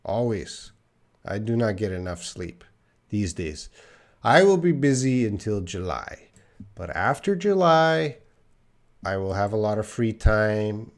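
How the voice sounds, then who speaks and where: This is a man with a fairly low-pitched voice leading a live English lesson online. Reading questions from the chat, he corrects them patiently and speaks slowly and clearly for the learners, sounding tired all the while.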